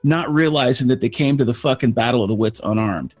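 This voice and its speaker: A man's voice: medium pitch, fast talker. Scornful man with mid-range voice. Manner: wordy, scornful, profane. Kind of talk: casual chat.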